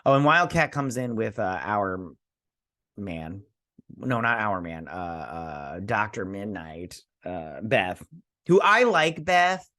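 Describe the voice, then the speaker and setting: Man, TV recap host, casual rambling talk, lots of ums and restarts, very lively pitch, dry close sound. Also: takes it slowly, no room sound. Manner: rambling, many fillers and restarts; animated, acts out characters' lines. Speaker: TV show reviewer.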